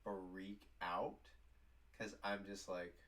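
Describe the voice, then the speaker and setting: A man's voice: sits low, level tone, extremely slow, fairly bright tone. A man vlogging casually, telling a work story in a rambling way with lots of "like". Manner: rambling, heavy use of "like".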